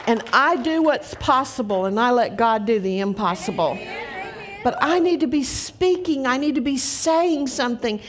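Middle-aged female preacher, earnest storytelling sermon voice, slightly high. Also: lively intonation, moderate pace, some chatter behind.

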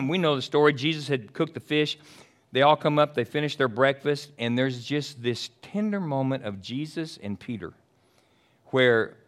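Pastor, male, preaching a sermon; emphatic and chatty, shifts from loud to hushed. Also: medium pitch. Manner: casual and chatty with the congregation.

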